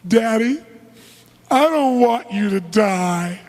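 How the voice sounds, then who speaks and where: A man's voice: high-pitched, animated, takes it slowly, a little mellow, big-room sound, voice pushed up. A man doing a tearful little girl pleading. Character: crying little girl begging her father.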